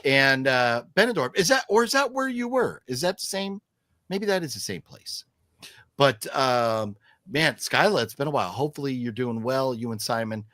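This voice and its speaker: A man's voice: medium pitch, lively intonation, moderate pace, sharp tone, dry recording, clean studio sound. A man hosting a casual live stream, chatting and reading viewer comments aloud with lots of fillers. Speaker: host.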